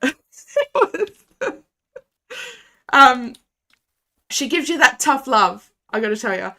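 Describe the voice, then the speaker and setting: A young adult woman, chatting casually with her viewers during a game stream and launching into animated rants. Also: high-pitched, slow, gravelly.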